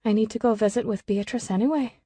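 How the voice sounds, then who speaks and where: A woman's voice: a little high, quick pace, mellow, slightly rough, no echo. Woman voicing a polite, pleasant young woman. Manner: pleasant, polite, slightly uneasy. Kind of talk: audiobook character voicing.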